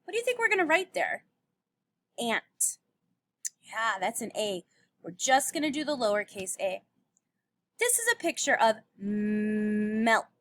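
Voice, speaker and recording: A woman's voice: fairly high pitch, very animated, measured pace, long pauses, fairly bright tone, a little hiss or hum. A woman teacher giving a recorded phonics lesson to young children, patiently sounding out letters and words.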